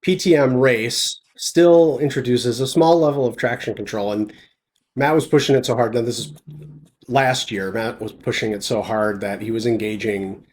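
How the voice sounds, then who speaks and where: A man hosting a casual conversation, explaining car details in a relaxed, technical way. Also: mid-range voice, normal speed. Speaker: host.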